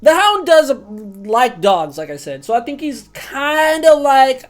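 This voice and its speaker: A woman's voice: sits high, big pitch swings, unhurried, few pauses. Chatty cursing woman streamer. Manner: chatty, swears freely. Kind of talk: casual game commentary.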